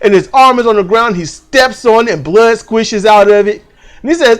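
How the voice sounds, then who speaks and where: A man casually recounting a dream, profane and animated, acting out the people in it. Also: very high-pitched, normal speed, faint music behind. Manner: profane, animated, acts out voices. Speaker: channel host. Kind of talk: casual storytelling.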